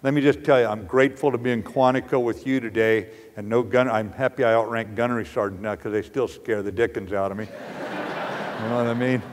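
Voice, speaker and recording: Older American general, blunt and dryly humorous, mid-pitched, speaking in a big echoing hall. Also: male voice, fairly even intonation, a little fast. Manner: plainspoken, blunt anecdotes with dry humor. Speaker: retired general giving a lecture. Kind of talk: storytelling lecture. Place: lecture hall. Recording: lecture hall with long reverb.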